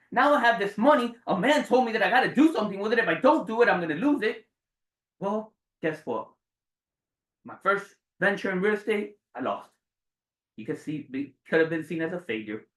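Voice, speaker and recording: A man in his forties giving a motivational speech to a live audience, dramatic and swearing, jumping between loud bursts and hushed low lines. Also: distant mic. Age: 40s. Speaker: motivational speaker. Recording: roomy sound from away from the mic.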